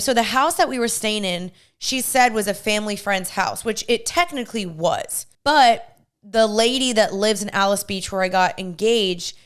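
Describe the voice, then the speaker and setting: A young woman hosting a podcast, telling a story in a lively way and acting out what her friends said. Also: medium pitch, smooth. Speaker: podcast host. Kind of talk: casual chat.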